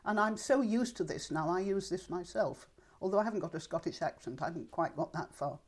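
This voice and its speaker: A woman's voice: fairly low pitch, animated, fairly quick, husky. An older woman being interviewed, reminiscing in a chatty, thoughtful way and speaking her mind. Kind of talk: reminiscing oral-history interview.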